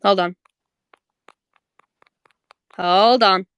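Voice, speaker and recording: A young woman hosting a live audio chat on a home mic, rambling in quick bursts with lots of fillers and repeats. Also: medium pitch, fairly even intonation, a bit bright, smooth, no echo. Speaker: host of a live audio space. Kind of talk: casual live chat to listeners.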